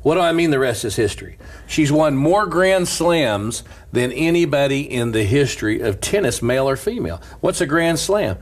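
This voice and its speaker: Speaking at a normal speed in a mid-range voice, this middle-aged male preacher is a talk show guest telling a story in casual chat. He animatedly quotes the people in it and laughs a lot.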